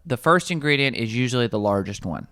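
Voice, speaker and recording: A young man, a nutrition coach, chatting casually in an office kitchen, reading out ingredient lists in a wry, animated way. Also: mid-range voice, quick pace, no echo, studio quality.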